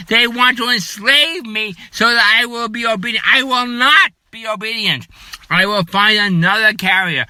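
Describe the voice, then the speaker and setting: Furious ranting man, sharp voice. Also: normal speed, smooth, no room sound. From United States. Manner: furious, shouting, repetitive, later apologetic and lower. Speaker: political commentator. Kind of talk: angry political rant.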